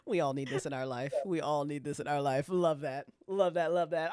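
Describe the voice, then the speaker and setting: A woman's voice: sits low, moderate pace, hardly any pauses, smooth, dry recording, studio quality. A young woman hosting a podcast, emphatic and swearing freely. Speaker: podcast host. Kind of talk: casual podcast chat.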